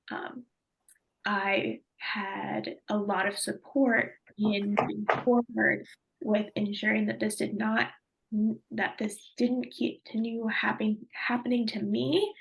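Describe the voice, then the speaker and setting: A woman presenting a webinar, guiding a group discussion in a measured, affirming way, with soft half-whispered asides. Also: medium pitch, creaky.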